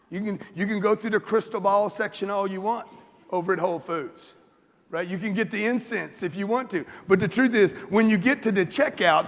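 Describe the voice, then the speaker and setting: A man's voice: high voice, creaky, fairly bright tone. A man from the United States giving a blunt, profane motivational talk to a live audience in a large hall, rousing the crowd with questions. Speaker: motivational speaker. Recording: long reverb of a large hall.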